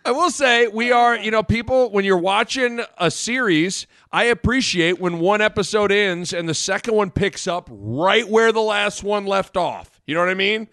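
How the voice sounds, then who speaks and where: Excitable male co-host, high bright voice, dry close sound, animated casual chat. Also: moderate pace, hardly any pauses, no room sound. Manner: excitable, bursts into shouts and laughter. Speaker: podcast co-host.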